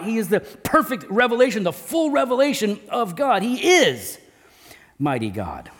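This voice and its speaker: A man preaching a sermon, emphatic and repetitive, often dropping his voice low and slow to stress a point. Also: sing-song. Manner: emphatic, repeats key phrases, drops low and slow for stress. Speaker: pastor.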